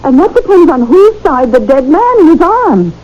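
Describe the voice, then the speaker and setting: A friend full of spy theories. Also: female voice, high voice. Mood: animated. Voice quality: quick, animated. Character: worried woman friend spinning spy theories. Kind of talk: 1970s radio drama acting. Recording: dull old radio broadcast.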